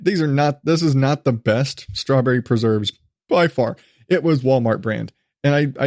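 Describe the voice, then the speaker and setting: A man in his thirties hosting a casual podcast, telling a story with lots of laughter and casual swearing, and jumping way up in pitch when he quotes his kids. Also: no echo, clean studio sound. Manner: animated storytelling, jumps to high-pitched voices when quoting his kids. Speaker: podcast host. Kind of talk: casual solo podcast monologue.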